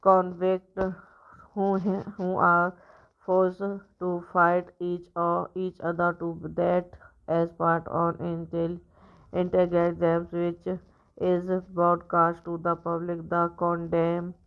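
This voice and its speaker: A woman hosting a movie review channel, reading out film credits and facts in a halting way, stumbling and restarting words. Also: fairly low pitch, monotone, clear, resonant tone. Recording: dull lo-fi recording.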